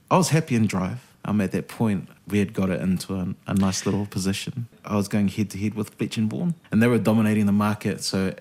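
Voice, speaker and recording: This radio host has a fairly low voice and a brisk pace. In a casual interview he tells stories with animation, swears freely, and acts out the voices of the people he quotes.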